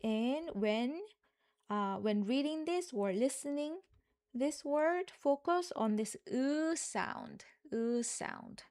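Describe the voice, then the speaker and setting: Lady teacher, slightly high voice, repeats words slow and patient. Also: expressive, darkish tone. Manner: patient, repeats each word slowly for learners. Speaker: Korean language teacher. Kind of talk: live online Korean lesson.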